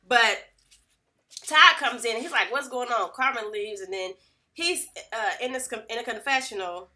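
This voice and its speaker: A young woman casually recapping a reality TV episode in a chatty, gossipy, animated way. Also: a little high, moderate pace.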